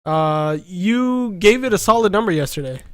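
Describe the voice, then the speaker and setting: Brief: excitable male podcast co-host, high voice, dry close recording, jokey and loose. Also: normal speed, no echo. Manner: animated, jokey, swears and laughs often. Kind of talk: casual movie review chat.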